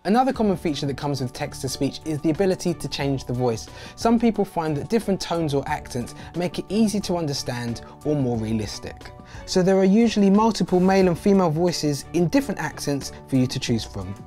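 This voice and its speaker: Lively man explaining software. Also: fairly high pitch, a little fast, soft background music. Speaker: host. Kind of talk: explanatory tutorial voice-over.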